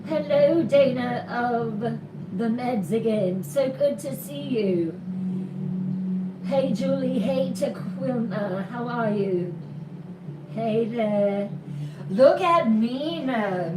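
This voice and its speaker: A woman hosting a live horror storytelling stream, warmly greeting viewers by name in an affectionate, drawn-out way. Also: a little high, heavy background noise. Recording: roomy, distant mic with music behind. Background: music.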